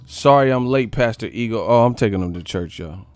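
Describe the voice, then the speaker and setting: A man's voice: on the low side, fairly quick, a little mellow, smooth, dry recording, faint music behind. A man hosting a boxing live stream, rambling in casual slang and laughing often as he talks to his chat. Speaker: boxing channel host.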